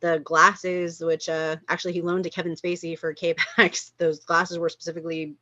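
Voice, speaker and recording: A woman chatting casually over a video call, talking with lots of fillers and lively asides. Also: on the low side, moderate pace, dry recording, highs cut off. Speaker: cast member of an online table-read group. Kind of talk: casual chat.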